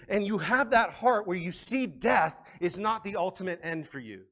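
A man preaching a sermon in a conversational, animated way, often restarting his phrases. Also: high voice, moderate pace, few pauses. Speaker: pastor.

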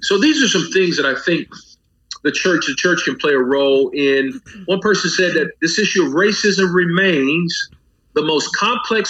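Fervent high-voiced preacher, lo-fi. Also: male voice, sharp tone. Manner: preacher's cadence, rhythmic lists and rising emphasis. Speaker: pastor. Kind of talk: impassioned guest commentary on a talk program. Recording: dull lo-fi audio.

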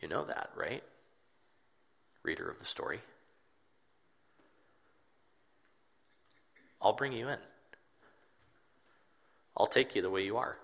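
A preacher voicing a gentle, tender Jesus. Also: male voice, fairly low pitch, expressive, normal speed, vocal fry, full character voice. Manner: soft, tender, at times near a whisper. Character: gentle inviting Jesus speaking to reader.

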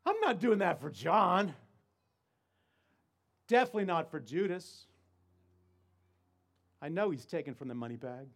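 Preacher as a reluctant follower: mutters fast, grumbling and evasive. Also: male voice, a little high, sing-song, pitched below the performer's own voice, heavily acted. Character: grumbling reluctant male disciple.

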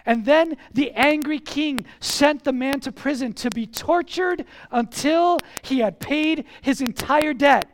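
Animated high-voiced pastor delivering a sermon, leaning on repetition. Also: measured pace, hardly any pauses, slight background noise.

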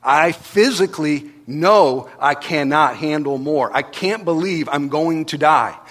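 Pastor preaching, kinda high voice, goes from hushed to loud, big echoey church hall. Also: male voice, unhurried. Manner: animated storytelling, swinging from hushed to loud, acting out voices. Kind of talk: sermon. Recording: long reverb of a large hall.

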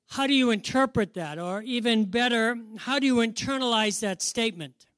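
A middle-aged male preacher with a fairly high voice delivers a sermon as easy storytelling. He keeps turning to his listeners with questions and chuckles at his own anecdotes. The sound is dry and close, with no room echo. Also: moderate pace, fairly bright tone. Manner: conversational, questions the audience, chuckles at own stories.

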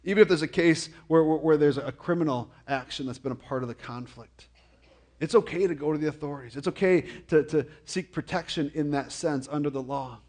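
A man preaching a conversational sermon as a pastor, often repeating and stumbling over words, with jokey, animated asides. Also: mid-range voice. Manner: frequent stammered repetitions.

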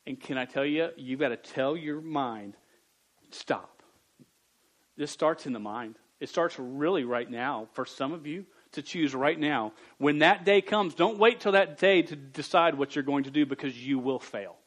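Male preacher, a bit high-pitched, lively youth sermon delivery. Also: normal speed, few pauses, rough recording. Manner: lively, jumps from quiet reading to loud bursts; stammers on words. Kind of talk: sermon to young people.

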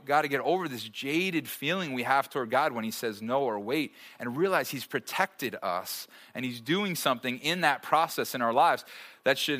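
A man's voice: mid-range voice, pushed and bright. A man in his thirties, a pastor preaching to a live church audience in a conversational way, with frequent rhetorical checks and joking asides. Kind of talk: sermon.

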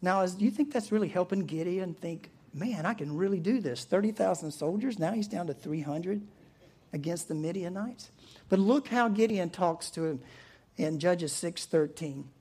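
Man, pastor, sermon, lively storyteller, acts out quotes, chuckles. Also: high-pitched, normal speed, slightly rough.

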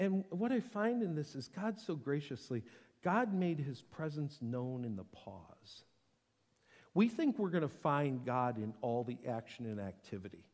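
A man preaching a sermon, impassioned, moving between hushed tones and loud emphasis. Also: on the high side. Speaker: pastor. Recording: echoing hall with long reverb.

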